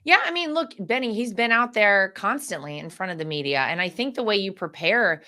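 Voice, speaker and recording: A woman's voice: mid-range voice, animated, a little fast, pushed and bright. A woman from North Carolina speaking as a guest in a political interview, confident and emphatic.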